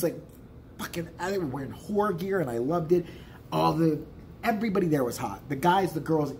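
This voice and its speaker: A man's voice: fairly high pitch, dark tone, slight background noise. A man telling a rambling, profane story in a casual vlog. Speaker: vlogger.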